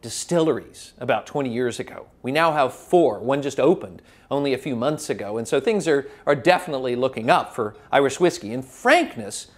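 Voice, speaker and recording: A man giving a lively classroom lecture as a spirits educator, telling history like a story with small restarts. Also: medium pitch, brisk, hardly any pauses.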